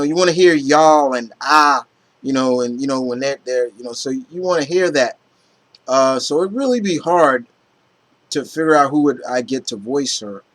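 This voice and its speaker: Rambling, excited man chatting casually. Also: a little high. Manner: enthusiastic, rambling, many fillers and restarts. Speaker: vlogger. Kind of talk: casual chat.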